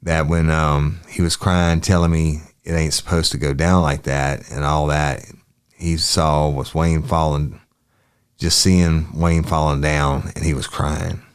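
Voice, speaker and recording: A man's voice: rumbling low, little pitch movement, measured pace, clear, resonant tone. A man reading out the answers of a young male witness in a police interview, polite and brief. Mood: plain. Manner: short answers, polite "yes, sir".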